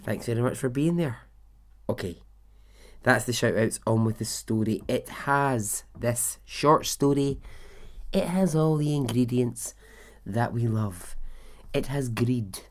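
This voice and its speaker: A man's voice: mid-range voice, slow. A man hosting a storytelling podcast, chatting casually and laughing easily between asides. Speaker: podcast host.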